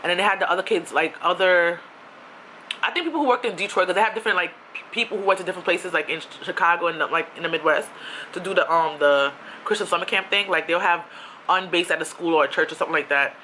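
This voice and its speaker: A woman's voice: fairly low pitch, fast, sharp tone, a little hiss or hum. A young woman from Queens in New City, telling a rambling storytime with lots of asides. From New York City (Queens). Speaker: vlogger.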